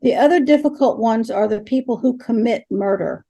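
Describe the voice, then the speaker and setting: A woman's voice: on the high side, normal speed, vocal fry. Older woman telling ghost stories. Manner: animated storytelling, acting out the dialogue. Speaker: interview guest, ghost helper. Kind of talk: storytelling in an interview.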